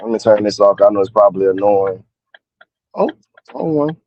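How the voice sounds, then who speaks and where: Calling from his car while at work, a man in his 40s speaks in a lowish, expressive voice at a moderate pace. The phone audio is dull, and he rambles casually with frequent "you know"s.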